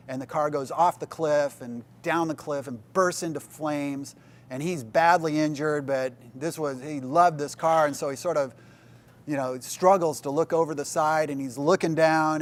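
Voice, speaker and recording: A middle-aged man, a pastor, giving a casual, conversational teaching talk to a small group, using easy fillers and a light joke. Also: mid-range voice. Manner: relaxed, conversational, with fillers and jokes.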